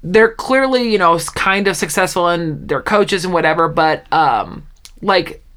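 A woman co-hosting a podcast, chatting casually and retelling sitcom scenes with lively acted-out quotes. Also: on the low side, unhurried. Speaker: podcast co-host. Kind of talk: casual chat recapping a sitcom.

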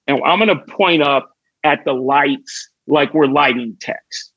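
A middle-aged comedian from Chicago spins a backstage tale on a podcast, slipping into the voices of the people he quotes. His voice sits a bit high for a man, with a gravelly, husky grain. The sound is dry and a little dull. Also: measured pace, no room sound. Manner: lively anecdote teller who acts out quoted dialogue. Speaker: guest comedian and actor. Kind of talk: casual podcast storytelling.

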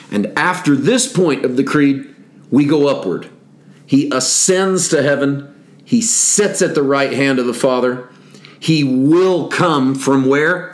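Guy preaching a sermon, chatty and easygoing, stacks up short repeated lines for emphasis. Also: medium pitch. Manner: conversational, builds with repeated phrases. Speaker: pastor. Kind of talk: sermon teaching series.

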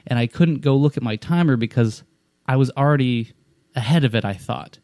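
A man of middling pitch tells a long story in casual conversation. He rambles, swears freely and keeps restarting his sentences. The sound is dry and close, with no room echo. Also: fairly quick, darkish tone. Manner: rambling and profane, with frequent restarts. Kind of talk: casual chat.

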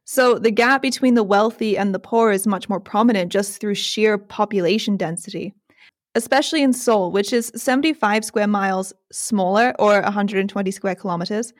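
A woman's voice: medium pitch, moderate pace, dry recording, clean studio sound. A young woman hosting a podcast, chatty and self-deprecating, laughing often. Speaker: podcast host. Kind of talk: casual chat.

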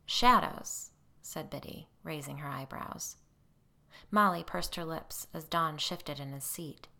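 A woman storyteller with a gravelly, creaky texture and a lowish pitch. Her tone is bright and forceful, and she reads in a measured, steady way. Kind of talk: storybook narration.

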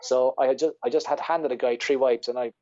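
Irish guy on a podcast, rambling and swearing through a story, mid pitch, kinda dull lo-fi audio. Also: steady tone, a little fast, a little mellow. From Ireland. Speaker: podcast guest, ultra-runner. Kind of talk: casual storytelling interview.

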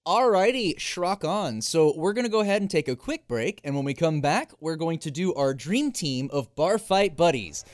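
Give me a high, lively male co-host joking in casual chat. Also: moderate pace, few pauses. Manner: animated, joking, laughs often. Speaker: podcast co-host.

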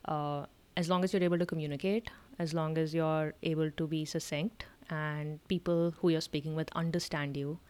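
A woman's voice: deep voice, steady tone, normal speed, hardly any pauses, darkish tone, smooth. A woman from India, co-hosting a casual podcast chat and laughing easily. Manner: chatty, many "like" fillers, laughs easily. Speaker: podcast co-host.

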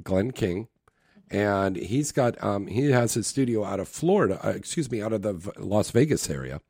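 A man's voice: lowish voice, expressive, normal speed, a little mellow, dry recording, studio quality. A man hosting a talk show, chatting eagerly with a guest and taking calls. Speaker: radio show host. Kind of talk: casual talk radio hosting.

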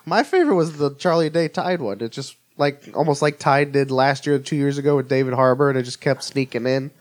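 A man co-hosting a casual podcast chat, animated and jokey. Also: a little fast. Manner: animated, jokey, slips into high silly impressions. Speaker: podcast co-host.

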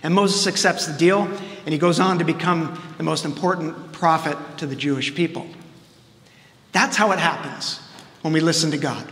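A man's voice: a little high, sharp tone. A man preaching with a slightly raised voice, his easy, conversational delivery spreading through a church. The room is roomy, and a long reverb trails after each phrase. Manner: conversational, plain-spoken preaching with casual asides. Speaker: seminarian preaching. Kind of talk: sermon. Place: church sanctuary.

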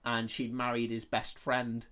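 A man in easy podcast banter, sweary and quick to laugh. He retells a film's plot and slips into the characters' lines as he goes, his pitch sitting mid-range for a man. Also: monotone, sharp tone, clear, resonant tone. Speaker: podcast co-host. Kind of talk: casual film podcast chat, retelling the plot.

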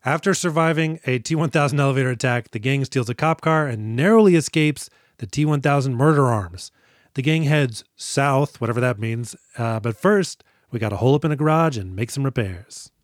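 Man, podcast co-host, casual recap, jokey, profane, mid pitch. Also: brisk, dry recording, studio quality. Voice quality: profane, jokey, acts out movie lines. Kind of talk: casual movie podcast chat.

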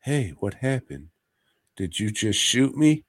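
A man's voice: medium pitch, big pitch swings, takes it slowly, exaggerated voice. A man on a podcast voicing a dazed man just brought back from the dead, asking plain questions. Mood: confused.

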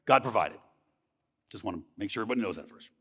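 A lowish, husky, slightly bright male voice races along very fast and animated in a large hall. The speaker is giving his church faith testimony, earnest and conversational, tossing in "right?" again and again.

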